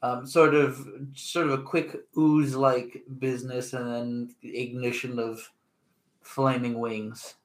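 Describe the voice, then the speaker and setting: Male player, monotone, terse, roomy echo. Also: medium pitch, slow. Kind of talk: casual tabletop game talk.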